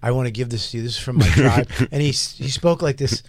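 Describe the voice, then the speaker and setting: A man's voice: medium pitch, fast, slightly rough, no room sound. A man co-hosting a comedy podcast, retelling a scene with incredulous, profane storytelling. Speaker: podcast co-host.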